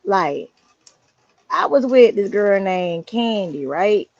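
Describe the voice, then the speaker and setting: A woman hosting a livestream, telling a story in a casual, slangy, animated way. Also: medium pitch, slow, lo-fi sound. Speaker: livestream host. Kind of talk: casual chat.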